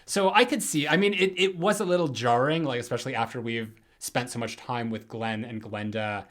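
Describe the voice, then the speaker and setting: A man co-hosting a podcast in casual chat, retelling things in a relaxed way with many fillers. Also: mid-range voice, brisk. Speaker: podcast co-host.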